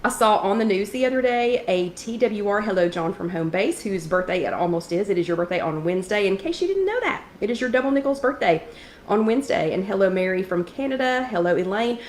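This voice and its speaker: A woman hosting a casual livestream chat, greeting viewers by name and clearing her throat from allergies. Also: medium pitch, a little fast, a little mellow, echoey room. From East Tennessee. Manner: chatty, greets viewers by name between remarks. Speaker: host of a live wellness chat.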